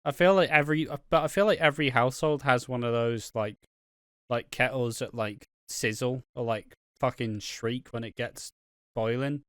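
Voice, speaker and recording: A man's voice: medium pitch, normal speed, smooth, no echo, studio quality. A young British man co-hosting a podcast, chatting casually and swearing a lot as he rambles. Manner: rambling, heavy swearing, animated. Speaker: podcast co-host.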